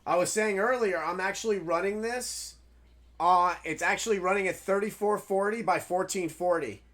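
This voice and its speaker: A man commentating his own gameplay live, excitable and swearing at the game, then talking softly to his pet. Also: sits high, moderate pace. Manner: soft baby talk to a pet. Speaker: game streamer.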